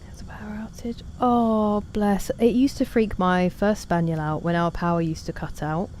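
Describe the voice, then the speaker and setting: A woman's voice: mid-range voice, fairly even intonation, moderate pace, a little mellow, slight background noise. A woman streaming a game, chatting casually and self-deprecatingly while reading out her chat.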